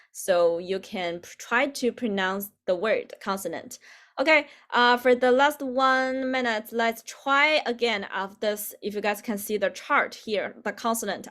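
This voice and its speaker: A woman's voice: on the high side, fairly bright tone. A woman from Beijing, teaching a class over a video call in a chatty way, laughing often and filling her speech with "like". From Beijing, China. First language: Mandarin Chinese. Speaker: Chinese teacher. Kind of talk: online language lesson.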